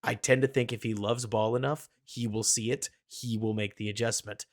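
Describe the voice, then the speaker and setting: A man's voice: on the low side, fairly even intonation, normal speed. A man co-hosting a casual sports podcast, analytical and hedging his opinions with self-aware asides. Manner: hedging, self-aware, addresses co-host by name. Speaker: podcast co-host.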